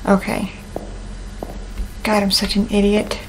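A woman's voice: mid-range voice, monotone, takes it slowly, a little hiss or hum, poor audio. A woman playing a horror game and commenting, talking to herself in a nervous, jumpy, joking way. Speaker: gaming YouTuber.

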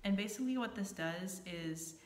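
A woman's voice: mid-range voice, moderate pace. A woman vlogger talking casually to camera, stuttering often and repeating sounds and words. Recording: echoey room.

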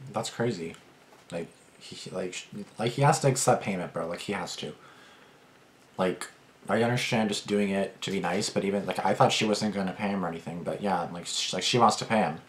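A man's voice: low voice, fairly quick, slight background noise. A young man giving casual reaction commentary, rambling and slangy, swearing and saying "like" and "bro" a lot. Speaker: reaction channel host.

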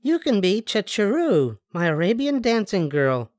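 A bossy, theatrical little girl , as an older grandfather reads her in falsetto. She commands everyone in a high, sing-song voice that leaps up and down. The storybook voice sits dry and close to the mic. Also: big pitch swings, measured pace, a little mellow, no echo. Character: bossy showy little girl playing star. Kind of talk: storybook read-aloud.

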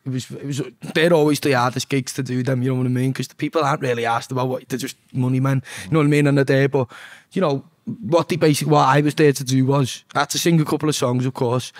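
A man with a thick Liverpool accent tells a story at an easy, chatty pace. He swears freely and keeps checking in with "you know what I mean". His voice sits at an ordinary middle pitch and sounds dry and close, with no room around it. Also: dry recording. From Liverpool, England. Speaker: guest singer. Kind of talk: casual storytelling.

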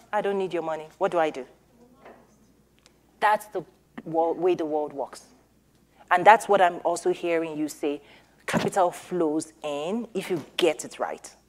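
A woman who organizes a summit, speaking on a panel in an earnest, persuasive way, often restarting her sentences. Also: on the low side. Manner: uses everyday analogies. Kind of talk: panel discussion.

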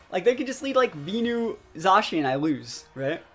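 A young man commentating his own gameplay live, talking to his chat with sudden loud outbursts. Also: sits high, big pitch swings, moderate pace. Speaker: gaming streamer. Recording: faint music behind voice.

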